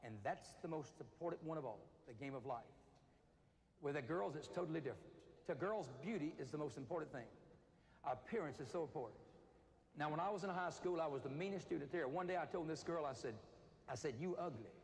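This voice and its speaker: A man's voice: a little high, fairly quick. Male speaker, storytelling youth talk, big hall reverb. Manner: storytelling, acts out voices of inmates. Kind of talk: motivational talk to teenagers. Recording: reverberant hall with faint noise.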